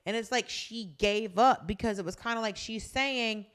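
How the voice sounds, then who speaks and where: A woman co-hosting a podcast, recapping a drama in casual chat, blunt and animated, swearing freely. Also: on the high side, normal speed. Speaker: podcast co-host.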